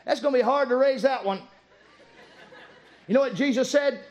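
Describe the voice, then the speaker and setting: High-pitched preacher with a faint crowd behind. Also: male voice, normal speed. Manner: animated, swings from low storytelling to shouted exhortation. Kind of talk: sermon.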